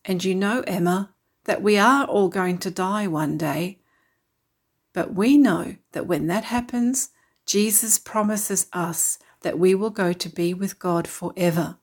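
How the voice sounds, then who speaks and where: Woman doing a storybook mother, tired, caring, gentle, reassuring, medium pitch. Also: unhurried.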